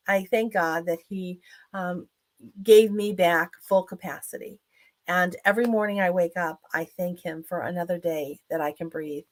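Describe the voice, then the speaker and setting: A woman in her fifties, an author and speaker giving a motivational talk online, telling her story earnestly with many fillers. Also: fairly low pitch.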